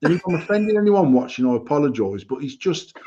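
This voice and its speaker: A man's voice: on the high side, big pitch swings, quick pace, mellow, dull audio. A British man co-hosting a casual banter podcast, talking bluntly and opinionatedly with lots of swearing and restarts. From United Kingdom. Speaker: podcast co-host.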